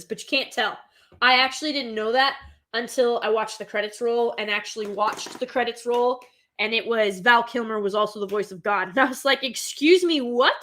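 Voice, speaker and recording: A woman host talks casually in a slightly high voice. She gushes about what she loves and piles on filler words as her excitement runs ahead of her. The delivery is loose and chatty. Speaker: host reviewing an animated film. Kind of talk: casual chat.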